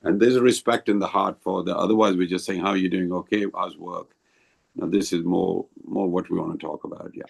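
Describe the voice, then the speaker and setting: A man leading a devotional group discussion over a video call, explaining slowly and rambling a little. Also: sits low, fairly even intonation, vocal fry, husky.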